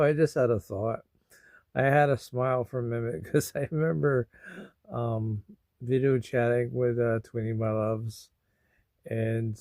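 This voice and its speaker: Slow, gravelly, sad-sounding man vlogging. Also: medium pitch, dry recording, clean studio sound. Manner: slow, rambling and mournful, with sudden loud bursts. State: sad and sleepy. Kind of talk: emotional personal vlog.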